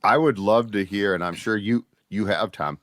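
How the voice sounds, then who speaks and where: Chatty sports-show host, dry sound. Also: male voice, fairly low pitch, moderate pace, dry recording. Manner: storytelling, animated when excited. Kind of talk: casual sports chat.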